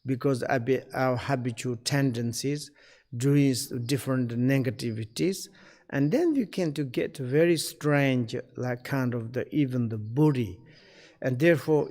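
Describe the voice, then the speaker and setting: A male spiritual teacher speaks slowly in broken, searching English. His voice sits at an ordinary middle pitch and he pauses often, clearing his throat. The sound carries a long reverb tail. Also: a little mellow. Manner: halting non-native English, searching for words; unhurried, frequent fillers and throat-clearing. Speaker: Buddhist teacher.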